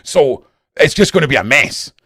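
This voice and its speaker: A Scottish man rambles to his live-stream chat in a loose, casual way. He swears heavily and talks bluntly with lots of animation. His voice sits at an everyday middle pitch, and the sound is dry and close with no room echo. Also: lively intonation, moderate pace, vocal fry, a bit bright, breathy edge. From Scotland.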